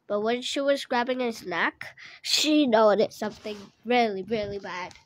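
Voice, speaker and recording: Slow, rambling woman making up a story. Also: on the high side. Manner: rambling, corrects herself mid-sentence. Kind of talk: improvised storytelling.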